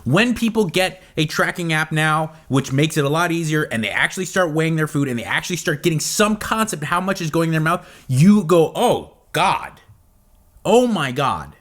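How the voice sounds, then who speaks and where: A man in his forties hosting a podcast, ranting heatedly and profanely about diet advice, with loud outbursts and low asides. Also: lively intonation, fairly quick, hardly any pauses. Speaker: podcast host. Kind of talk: heated solo rant.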